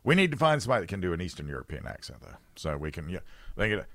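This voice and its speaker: A man's voice: deep voice, big pitch swings, very fast, fairly bright tone, no room sound. A man hosting a talk radio show, rambling and sarcastic in an opinionated chat from a studio.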